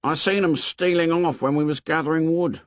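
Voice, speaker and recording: A man voicing an anxious, fussy schoolboy who talks in rough grammar and is eager to please. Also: fairly high pitch, fairly even intonation, normal speed, dry recording, pitched above the performer's own voice, lightly acted. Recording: dull, dry studio audio.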